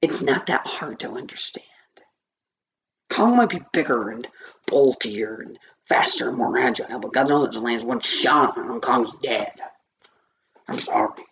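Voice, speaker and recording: A man's voice: mid-range voice, expressive, a little slow, fairly bright tone. A man with a scratchy voice giving a rambling, easily distracted movie review, swearing often. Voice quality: scratchy, gravelly voice.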